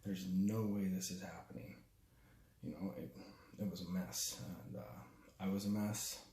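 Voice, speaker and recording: A man with a low, dark, mellow voice recounts a hard personal story, halting and raw, with restarts and curses. He sounds young, and the room around him is echoey. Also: steady tone, slight background noise. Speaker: storyteller recounting his father's death. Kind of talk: personal spoken testimony.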